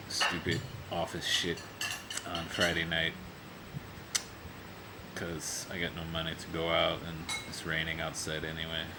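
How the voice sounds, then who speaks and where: A man rambling casually about his job, full of "you know" and chuckles, talking at home. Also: background noise. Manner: meandering, constant "you know", chuckling, deliberately low-key. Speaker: video blogger.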